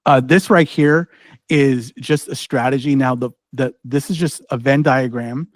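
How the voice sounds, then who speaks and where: An ed-tech trainer presents a live online workshop, his medium-pitched voice steady and a little slow, recorded with no echo. Walking through a demo, he speaks casually, leaning on "like" and "right?" and often restarting his sentences.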